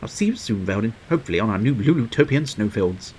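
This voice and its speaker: A man reading a cheerful, determined young woman in a video game, upbeat and brisk. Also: fairly low pitch, lively intonation, a little mellow, slight background noise, natural voice, low-quality recording.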